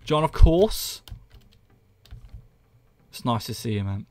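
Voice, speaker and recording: A man's voice: medium pitch, big pitch swings, slow pace, a little mellow, no echo. A man from the UK, chatting casually and self-mockingly with viewers on a live stream. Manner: joking, self-mocking, reads chat aloud. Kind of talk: casual chat with viewers while gaming.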